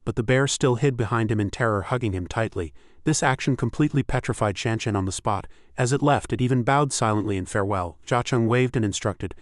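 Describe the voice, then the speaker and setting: A man narrating a fantasy romance story recap in a steady, scripted reading. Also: fairly low pitch, brisk, few pauses, dry recording, studio quality.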